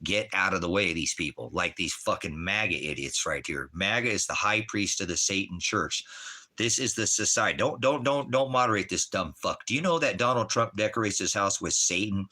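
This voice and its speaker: A man's voice: on the low side, expressive, a little fast, bright, forceful tone. Profane, rambling man ranting at his chat. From Oregon, USA. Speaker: livestreaming vlogger. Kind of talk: casual livestream rant. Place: indoors at home on a farm.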